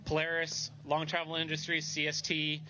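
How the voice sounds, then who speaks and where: A man's voice: fairly high pitch, monotone, normal speed, sharp tone, slight background noise. A man who just won a race, humble and grateful, talking outdoors at a race finish, heard through dull lo-fi livestream audio. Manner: humble, grateful, laughing easily. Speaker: winning race driver. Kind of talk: post-race interview.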